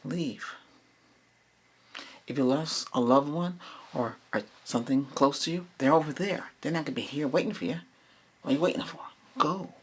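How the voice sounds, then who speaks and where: A middle-aged man doing a reiki ASMR cleansing, repeating soft commands for a spirit to leave and slipping in and out of whispers. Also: on the high side, a little fast, husky. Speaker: reiki healer.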